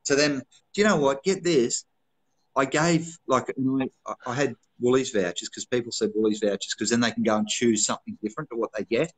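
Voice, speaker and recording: Husky Australian man telling a story. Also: medium pitch, brisk, poor audio. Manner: rambling and animated, swears freely, repeats "get this". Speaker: co-host of a live online show. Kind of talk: casual chat, storytelling.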